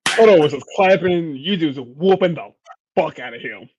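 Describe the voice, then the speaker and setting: A man co-hosting a podcast in casual chat, slangy and quick, with a deadpan way of telling stories. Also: fairly high pitch, muffled recording, a little hiss or hum. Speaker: podcast co-host.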